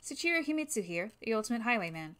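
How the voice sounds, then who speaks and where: A breezy, friendly young highwayman in a fan-game story, read by a woman. He greets people lightly, a little higher than the reader's usual voice. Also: very animated, fast talker, fairly bright tone. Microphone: new microphone.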